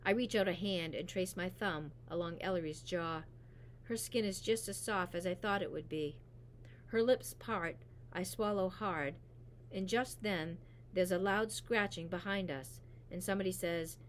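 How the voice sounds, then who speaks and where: A woman reading a novel aloud in a steady, even narration. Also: on the low side, measured pace, a little hiss or hum. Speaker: reader. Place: school library.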